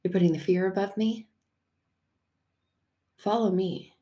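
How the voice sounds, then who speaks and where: A woman voicing Jesus as a calm, gentle man who speaks softly and reassuringly. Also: medium pitch, close to an everyday voice. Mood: patient. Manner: soft, reassuring, unhurried. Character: calm, gentle, patient adult male Jesus.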